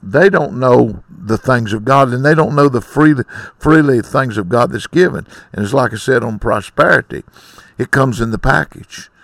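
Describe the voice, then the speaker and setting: Middle-aged preacher, gravelly, blunt and scolding, dry sound. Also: male voice, mid-range voice, normal speed, fairly bright tone, no echo. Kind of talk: sermon.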